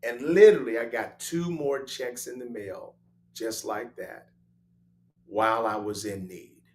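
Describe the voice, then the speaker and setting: A man hosting a talk show, telling a personal testimony in an animated storytelling way, switching between loud exclamations and hushed asides. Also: mid-range voice, measured pace. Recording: roomy echo.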